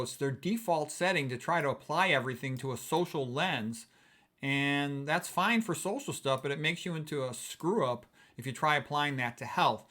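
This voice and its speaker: A middle-aged man, a physician, giving a blunt, emphatic talk on health that rises to forceful stresses. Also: mid-range voice.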